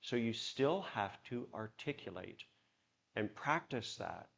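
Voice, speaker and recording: A man leading a church workshop, talking to the audience with lively examples. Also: mid-range voice, slow pace, creaky, muffled recording. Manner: animated, acts out examples in put-on voices. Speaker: workshop leader.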